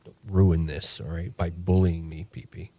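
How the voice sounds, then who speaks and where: A man's voice: low-pitched, level tone, normal speed, dark tone, no echo. Giddy, laughing male streamer. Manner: giddy and emotional, laughs often. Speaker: live streamer. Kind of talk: casual chat while gaming. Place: home.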